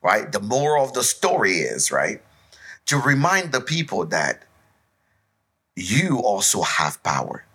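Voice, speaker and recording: A man's voice: lowish voice, unhurried, pauses often, husky. A man from West Africa co-hosting a podcast, telling folk tales in casual chat and acting out voices and sounds. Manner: animated storyteller, acts out voices and sounds. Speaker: podcast co-host.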